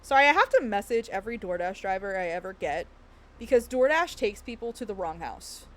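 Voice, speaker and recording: A woman's voice: medium pitch, big pitch swings, a little fast, fairly bright tone. A woman game streamer chatting casually with her viewers in a bubbly, giggly, gushing way.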